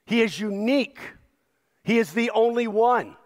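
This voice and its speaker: A man's voice: high voice, expressive, unhurried, long reverb tail. A male pastor preaching a sermon with an emphatic, repetitive cadence.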